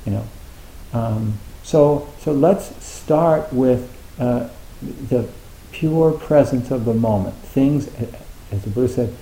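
Mellow-voiced man teaching Zen, roomy echo. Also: medium pitch, slow pace, vocal fry. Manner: conversational, acts out students' thoughts, many fillers. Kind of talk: dharma talk.

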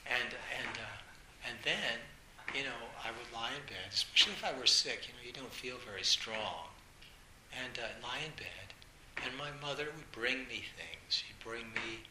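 A man with the flu, coughing now and then, gives an informal dharma talk in a gentle, musing tone. His voice sits fairly low. He is recorded in a roomy hall with steady background noise. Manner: gentle, musing storyteller acting out family quotes.

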